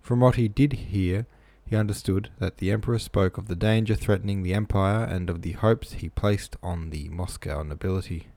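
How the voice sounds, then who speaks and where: A man's voice: deep voice, normal speed, hardly any pauses, mellow, dry recording. A man reading a novel aloud, plain with casual asides, close-miked in a small room. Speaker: reader.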